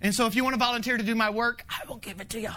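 A man preaching a conversational sermon, animated, laughing often and swinging from loud to hushed. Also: very high-pitched, very fast. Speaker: pastor.

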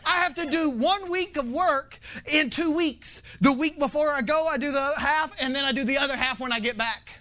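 A man preaching a conversational sermon, animated, laughing often and swinging from loud to hushed. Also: very high-pitched, normal speed, hardly any pauses. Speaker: pastor.

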